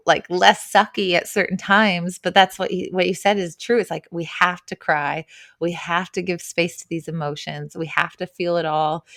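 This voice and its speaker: Low-voiced woman, earnest and reflective. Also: no echo, studio quality. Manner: reflective, with frequent "like" and "right?"; earnest and emotionally open. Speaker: guest. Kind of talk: casual podcast chat.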